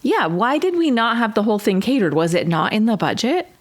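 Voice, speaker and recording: A woman's voice: fairly high pitch, sing-song, brisk. Chatty exasperated woman podcast co-host. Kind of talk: casual chat recapping a reality show.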